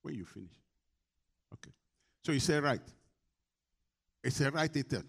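A middle-aged male pastor preaching a sermon, leading the congregation in call-and-response and swinging between soft, low asides and loud exhortations. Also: lively intonation, moderate pace, creaky, breathy edge.

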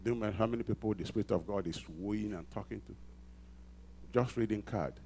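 A male pastor preaching a sermon, asking the congregation to answer back and repeating phrases for emphasis, building from quiet lines to loud emphatic peaks. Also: lowish voice, brisk, slight background noise.

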